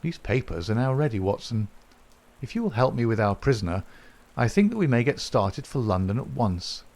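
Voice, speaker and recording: A man voicing a calm, middle-aged gentleman detective who speaks in a measured, dryly ironic way. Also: mid-range voice.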